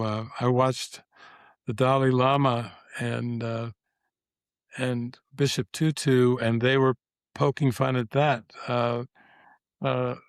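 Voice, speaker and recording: Older man, spiritual teacher, reflective, rambling with fillers, mid-pitched voice, dry close sound. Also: no echo. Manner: reflective, meandering, many fillers and restarts. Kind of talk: casual interview talk.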